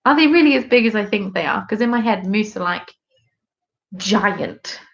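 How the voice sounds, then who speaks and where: British girl in her 20s rambling on a live stream, joking at her own expense, kinda muffled audio, mid-pitched voice. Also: animated, moderate pace, gravelly, fairly bright tone. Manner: chatty and self-deprecating, reacting to viewer comments. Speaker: host of a live craft stream. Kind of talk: casual live-stream chat.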